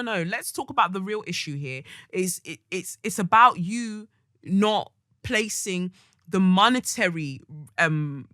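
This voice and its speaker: A woman's voice: fairly low pitch, pushed and bright, no room sound, studio quality. A woman hosting a podcast, talking candidly and reflectively about her feelings and acting out the voices she quotes. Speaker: podcast host. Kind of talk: candid solo podcast monologue.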